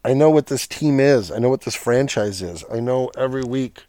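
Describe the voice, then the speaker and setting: A man's voice: medium pitch, fairly quick, dark tone, no echo. A man hosting a podcast, ranting in a casual, profane and sarcastic way about his football team. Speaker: podcast host. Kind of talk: casual sports rant.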